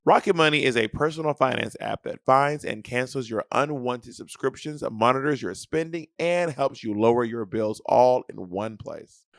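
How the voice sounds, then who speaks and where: A man's voice: mid-range voice, normal speed, creaky, hardly any pauses, no room sound, clean studio sound. A man in his thirties co-hosting a podcast, reading sponsor ads casually with jokey asides. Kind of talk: casual ad read.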